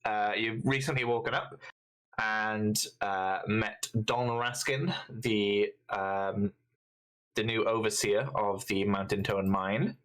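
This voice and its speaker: A man narrating as game master in a tabletop game, halting and full of fillers. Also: fairly low pitch, fairly even intonation, a bit bright, poor audio. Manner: halting, many fillers, laughs often.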